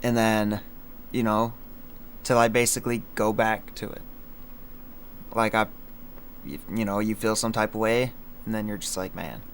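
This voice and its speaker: A man's voice: on the low side, fairly even intonation, moderate pace, pauses often, a bit bright, slight background noise. A young man in casual livestream chat, rambling with many fillers and slang as he breaks down his own song lines. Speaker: streamer explaining his song.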